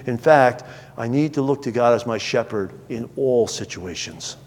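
A middle-aged man preaching a sermon as pastor, swinging between raised emphasis and quiet asides. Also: mid-range voice, in a large hall.

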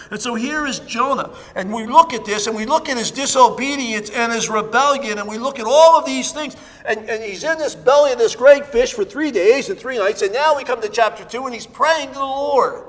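A man preaching a sermon as pastor, emphatic, swinging between hushed asides and loud stresses. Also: very high voice, in a large hall, poor audio.

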